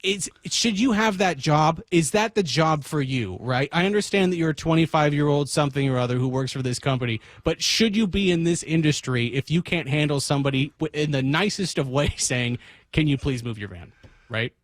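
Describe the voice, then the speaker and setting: A man's voice: a little high, a little fast, dry recording. Dry-voiced man telling a comic story. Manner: animated, self-mocking, acts out dialogue. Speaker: radio show co-host. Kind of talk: comic storytelling on talk radio. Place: radio studio. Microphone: studio microphone.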